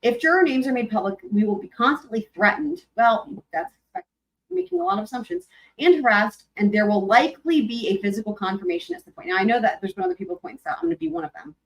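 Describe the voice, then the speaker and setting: Animated, chatty woman livestreamer. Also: a little high, fast, hardly any pauses, poor audio. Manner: chatty, animated, breaks into sung snippets. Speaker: live stream host. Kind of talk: casual commentary on court filings.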